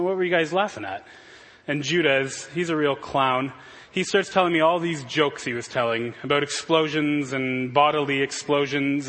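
A man in his thirties delivers a sermon in a conversational, earnest manner, with a somewhat raised pitch. His voice has a husky edge. The sound carries the long reverb of a large hall. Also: a bit bright. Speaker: pastor.

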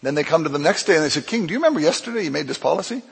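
A man pastor preaching a sermon, telling a Bible story with lively acted-out dialogue. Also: very fast, gravelly, breathy edge. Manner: animated storytelling, acts out dialogue with swings in pitch and loudness. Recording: long hall reverb.

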